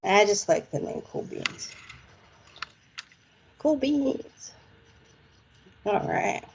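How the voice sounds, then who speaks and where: A woman's voice: mid-range voice, level tone, unhurried, gravelly, muffled recording. A woman doing a casual live palm reading, chatty and playful with slangy phrases. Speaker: psychic palm reader.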